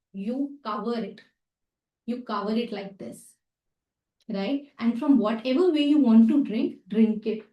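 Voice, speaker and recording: A woman's voice: on the high side, mellow. A woman with an Indian English accent, leading an etiquette workshop and repeating phrases as she demonstrates. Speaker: etiquette trainer. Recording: echoey room, mic at a distance.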